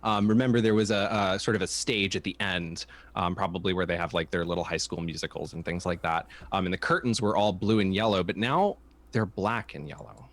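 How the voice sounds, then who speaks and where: A man narrating as game master of a tabletop role-playing game, describing scenes in a measured way with frequent "um"s. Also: low voice.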